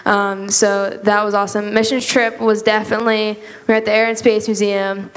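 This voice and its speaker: Teen girl rambling through her church testimony, lots of ums, flat delivery, big echoey hall. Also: medium pitch, normal speed, clean tone. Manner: rambling, earnest, many fillers. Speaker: youth group member. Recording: long hall reverb.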